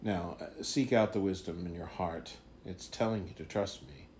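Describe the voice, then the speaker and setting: A man's voice: low voice, normal speed, a little mellow, a little hiss or hum, lightly acted. A man doing a mysterious, ominous hooded stranger.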